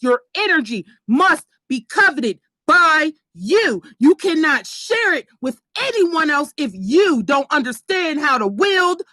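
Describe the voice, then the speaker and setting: A woman giving a blunt, profane motivational rant on a live stream, preaching and often shouting for emphasis. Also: high voice, dry recording.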